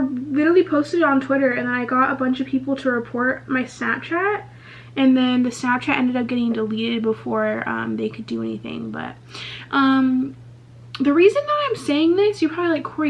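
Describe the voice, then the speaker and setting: A young woman vlogger in a casual get-ready-with-me Q&A, chatting candidly and swearing freely, full of "like" and "um". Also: high-pitched. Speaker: beauty vlogger. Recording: slightly muffled lo-fi recording.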